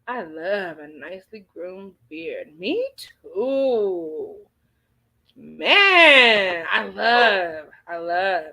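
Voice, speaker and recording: A woman's voice: medium pitch, pushed and bright, slight background noise, poor audio. A woman hosting a casual livestream, reading viewer comments aloud and answering them with chatty, playful exclamations. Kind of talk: casual chat.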